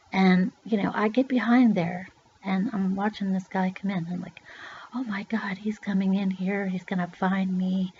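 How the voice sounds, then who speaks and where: A woman's voice: mid-range voice, slight background noise. A middle-aged woman from Pennsylvania rambling through a personal story in a loose, chatty way, swearing now and then. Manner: chatty, loose, swears, acts out voices in quotes. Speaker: vlogger. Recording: dull lo-fi recording.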